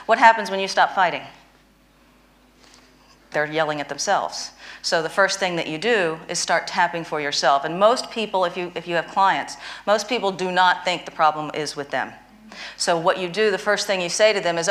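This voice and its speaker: A woman's voice: fairly low pitch, a little fast, a bit bright. A woman interviewing a guest and teaching a tapping technique, emphatic and prone to repeating phrases for stress. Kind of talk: instructional conversation.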